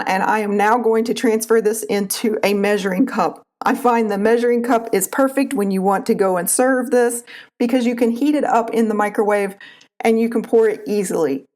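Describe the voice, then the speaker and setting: A woman with an Appalachian accent, calmly explaining a recipe step by step as a cooking channel host. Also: on the high side. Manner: calm, instructive, homespun. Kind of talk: recipe tutorial voice-over.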